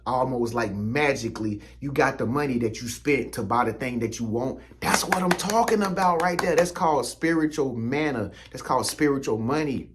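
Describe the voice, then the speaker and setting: A man's voice: mid-range voice, normal speed, few pauses, a little hiss or hum. Man, spiritual motivational talk, slangy preachy delivery, direct to viewer. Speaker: spiritual content creator.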